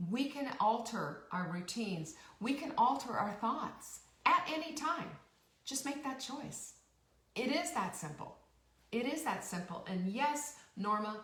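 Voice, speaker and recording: A woman's voice: medium pitch, fairly bright tone, roomy sound, far from the mic. A woman host giving a rousing motivational talk, emphatic and repeating her key phrases. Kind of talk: motivational live-stream talk.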